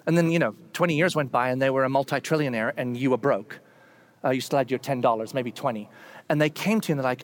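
A man preaching a casual, conversational sermon, acting out quotes with big jumps in his voice. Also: quick pace. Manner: animated, acts out voices with big pitch jumps; casual and conversational, with fillers and restarts. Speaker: pastor.

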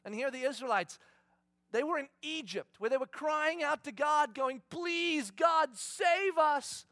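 A man preaching a conversational, animated sermon, often acting out voices. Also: extremely high pitch, moderate pace, no echo. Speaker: pastor.

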